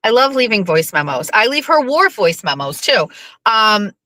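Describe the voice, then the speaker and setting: A woman's voice: medium pitch, very animated, moderate pace, sharp tone, low-quality recording. A woman hosting a livestream in casual, rambling chat, full of fillers and playful swearing. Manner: rambling and chatty, lots of fillers. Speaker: livestream host.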